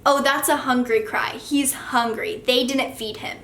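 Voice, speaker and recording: A woman mimicking a snide, gossiping female wedding minister who makes loud, condescending remarks. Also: high-pitched, fairly even intonation, measured pace, reverberant.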